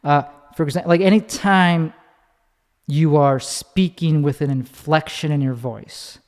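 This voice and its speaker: A man's voice: fairly high pitch, unhurried, long reverb tail. A man talking casually in a rambling monologue, swearing and often restarting his sentences. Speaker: podcast host.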